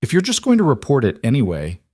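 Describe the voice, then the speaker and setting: A man's voice: mid-range voice, huge pitch swings, quick pace, darkish tone, no room sound, studio quality, voice pushed up. A man voicing a frightened young woman who is trapped, speaking in a breathless, pleading way. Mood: desperate.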